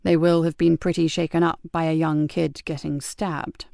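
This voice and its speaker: A woman voicing a weary, steady male police sergeant who talks low and measured. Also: vocal fry, dry recording, studio quality. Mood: calm.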